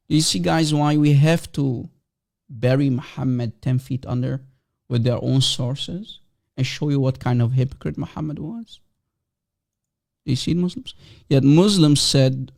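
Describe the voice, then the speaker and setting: A man's voice: on the high side, measured pace, vocal fry, a little mellow. A man hosting a livestream, delivering a combative monologue full of mocking, taunting rhetorical questions. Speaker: livestream host.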